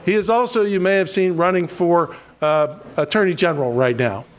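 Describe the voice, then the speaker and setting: A man with a notably high voice emcees a political rally, stumbling through restarts and tossing in self-deprecating jokes. He is from western Pennsylvania and keeps things loose between speakers. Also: normal speed.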